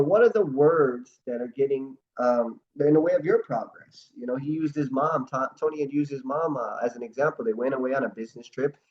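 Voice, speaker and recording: A man's voice: mid-range voice, a little mellow, dull audio. A man hosting an online motivational talk, telling stories earnestly and acting out quotes. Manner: earnest, storytelling, acts out quotes. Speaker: host.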